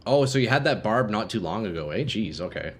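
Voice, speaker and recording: A man's voice: on the low side, animated, a little fast, slightly rough. A young man streaming a game live, chatting casually with viewers and swearing freely. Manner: laid-back, swears freely, chats with viewers.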